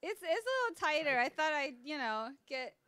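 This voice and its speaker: A woman's voice: sits high, sing-song, fairly quick, bright, forceful tone, no room sound. A woman hosting a live call-in show, chatting casually with callers and laughing often.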